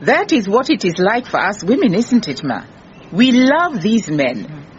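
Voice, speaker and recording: A patient woman detective, lively pitch, muffled radio-play sound. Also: measured pace, a little hiss or hum. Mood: firm, gentle. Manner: gentle but firm, patient. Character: calm, persistent female private detective. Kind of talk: radio drama acting.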